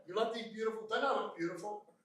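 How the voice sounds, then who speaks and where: A man with a Southern American accent running a lively training session, joking and quizzing his audience. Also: sits high, fast talker, slight background noise. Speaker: refrigeration trainer. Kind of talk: lively live training talk. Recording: echoey room, mic at a distance.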